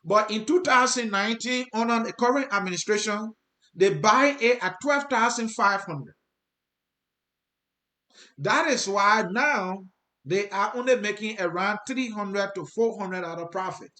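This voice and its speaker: Speaking to his viewers, this host offers earnest commentary in a Liberian accent, repeating his points for emphasis. His man's voice sits high and moves a little slowly, with a bright, forceful tone. The recording sounds roomy and echoey.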